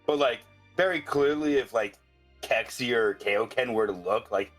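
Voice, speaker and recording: A man's voice: mid-range voice, moderate pace, a bit bright. A man speaks as a player at a tabletop game, rambling loosely from one thought to the next. He fills his sentences with "like" as he goes. Faint music plays behind him. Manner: rambling, with many likes.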